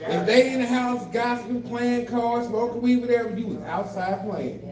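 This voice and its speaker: A man's voice: extremely high pitch, moderate pace. An older man doing a stand-up comedy set, telling family stories and acting out the voices of kids and of himself, with a live audience in the room. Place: adult day center, indoors, live audience. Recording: roomy live room, mic at a distance, crowd laughter.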